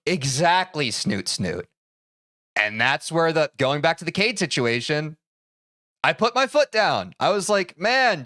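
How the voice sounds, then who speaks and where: Animated young man ranting to chat. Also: mid-range voice, no echo, clean studio sound. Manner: heated, swears a lot, switches to calm apologies. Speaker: streamer.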